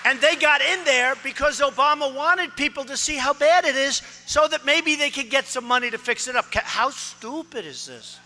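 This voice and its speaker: Boastful high-voiced man in an echoing hall. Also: normal speed, hardly any pauses, sharp tone. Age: 60s. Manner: boastful, repetitive, punchy phrases. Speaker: political candidate. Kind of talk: campaign speech. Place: large expo hall. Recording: reverberant hall with faint ambience.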